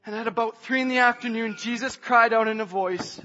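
A man preaching a sermon who moves from hushed scripture reading to shouted emphasis. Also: very high-pitched, fairly even intonation, a little fast, hardly any pauses. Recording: dull sound, long hall reverb, faint music.

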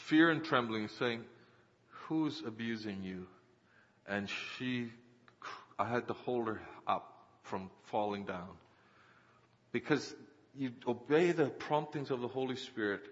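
A man preaching a sermon as pastor, swinging between loud exhortation and quiet storytelling. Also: medium pitch. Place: church sanctuary. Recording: muffled church hall with long reverb.

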